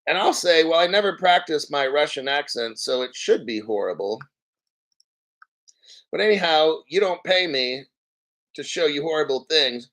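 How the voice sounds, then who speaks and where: Male, 50s, slightly high-pitched; loose, mocking, profanity-heavy channel-host rant. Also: lively intonation, moderate pace, a bit bright. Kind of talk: casual unscripted rant to viewers.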